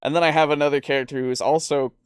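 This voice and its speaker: Male podcast co-host, smooth and dry, rambling casual delivery. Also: a little high, fairly even intonation, rapid-fire, no room sound. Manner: rambling, with fillers and restarts, laughs often. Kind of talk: casual chat.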